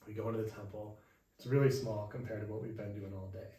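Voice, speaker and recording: A man's voice: on the low side, fast. Laid-back young man telling travel stories. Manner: animated, acts out quoted voices. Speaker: podcast host. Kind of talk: casual storytelling chat. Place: indoors at home. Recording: echoey room, mic far off, faint hiss.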